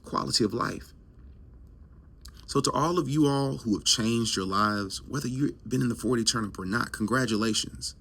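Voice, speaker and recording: The host of a health show, a health coach, preaches emphatically to camera in a motivational monologue full of repetition and rhetorical questions. He talks at a normal speed in a medium-pitched, creaky voice with a fairly bright tone.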